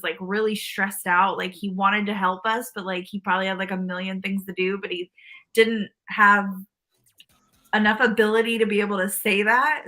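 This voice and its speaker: A woman's voice: mid-range voice, sharp tone. A woman guest on a podcast telling a rambling story with lots of fillers and restarts. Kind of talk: casual chat.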